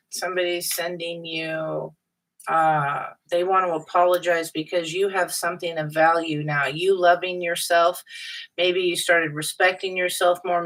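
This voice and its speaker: Tarot reader, woman, slow unhurried delivery, a bit off-mic, blunt and chatty. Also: fairly low pitch, a bit bright, recorded from a distance, slight background noise, low-quality recording. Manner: blunt, chatty, with frequent fillers and restarts. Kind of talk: casual tarot reading monologue.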